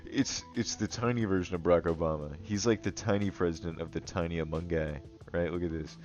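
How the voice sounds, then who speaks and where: Slow, low-voiced joking man. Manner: crude, profane jokes and frequent laughing; self-styled Goblin King persona talking to viewers. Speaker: digital artist and video host. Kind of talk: comedic drawing commentary. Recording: dull lo-fi recording with faint music.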